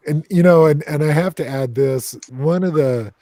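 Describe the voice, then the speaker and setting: A man's voice: on the high side, moderate pace, creaky, warm tone, no room sound. An American man hosting a casual paranormal discussion on a video call, joking and teasing his co-hosts. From United States. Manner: playful, teasing banter. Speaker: paranormal investigator and host. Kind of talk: casual group chat.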